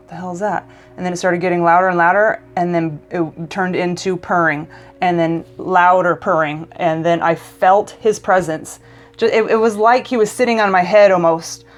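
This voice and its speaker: A woman vlogger telling a personal story in a casual, emotional way, often stumbling and restarting mid-sentence. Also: on the low side.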